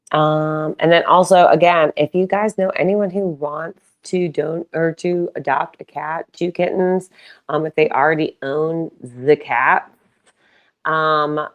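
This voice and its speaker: A woman's voice: low-pitched, fairly even intonation, takes it slowly, dull audio. A woman hosting a casual livestream fundraiser on a laptop mic, rambling with loose restarts and the odd swear. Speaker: live streamer hosting a fundraiser.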